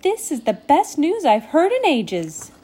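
A woman's voice: fairly high pitch, wildly swooping pitch, slow pace, a little mellow, breathy edge, pitched above the performer's own voice, heavily acted. Woman doing a thrilled little messenger fairy. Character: delighted young female messenger fairy.

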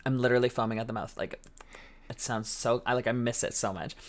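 A man's voice: mid-range voice, fairly even intonation, fast talker. Drag queen host, giggly, gushes over stories, remote call. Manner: gushing, giggly, storytelling. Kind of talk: casual chat. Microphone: remote call setup.

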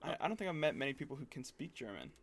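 A man's voice: mid-range voice, big pitch swings, rapid-fire, vocal fry. A man co-hosting a podcast in casual chat, mostly answering with short reactions. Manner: short reactive backchannel replies. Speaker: podcast co-host.

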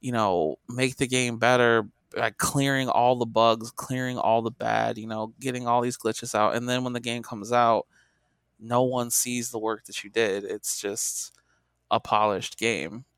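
A man's voice: mid-range voice, steady tone, measured pace, fairly bright tone, clean tone, no room sound, studio quality. A man co-hosting a podcast in casual chat, loose and profane, with plenty of fillers and restarts. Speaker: podcast co-host, former game tester.

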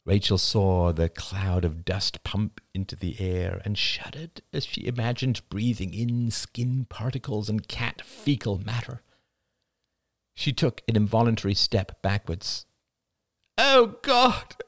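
A man narrating an audiobook in an expressive, scripted style. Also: lowish voice, a little slow, dry recording.

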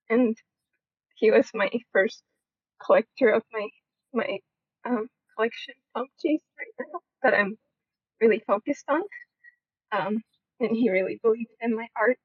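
Nervous, shy woman, higher register, husky tone, on a dull lo-fi line. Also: a little slow, long pauses, dry recording. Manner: nervous, shy, laughing through emotion. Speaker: co-host of an online audio room. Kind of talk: heartfelt thank-you speech. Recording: dull lo-fi audio.

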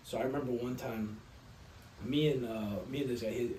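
A man's voice: mid-range voice, fairly even intonation, moderate pace, mellow, far from the mic. A man chatting loosely on a podcast, trailing off into long, swear-filled anecdotes. He sits back from the mic in a roomy space, with a faint hum of noise behind him. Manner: profane, rambling storyteller. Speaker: podcast co-host. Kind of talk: casual chat.

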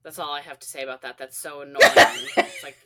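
A woman co-host giving short, quiet reactions and laughing in casual chat. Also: sits low, flat delivery, rapid-fire, heavy background noise. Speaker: podcast co-host.

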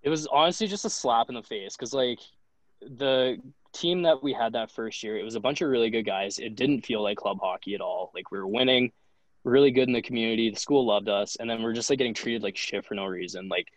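With a mid-range voice and a fairly quick pace, a young podcast guest in his twenties who plays goalie in hockey tells a casual, profane story, dropping "like" again and again. The recording is dry and poor.

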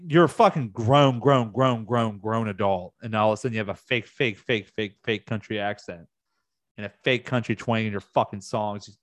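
A man's voice: on the low side, no room sound. A man ranting on a vlog as a music fan, heated and profane, his voice jumping up in sudden outbursts. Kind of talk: casual rant.

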